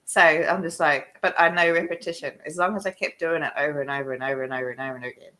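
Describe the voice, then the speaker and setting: Bright, laughing Australian woman telling stories. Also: sits low, very fast. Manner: animated, laughs a lot, acts out her own shouts. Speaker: recovery meeting participant. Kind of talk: casual storytelling on a video call.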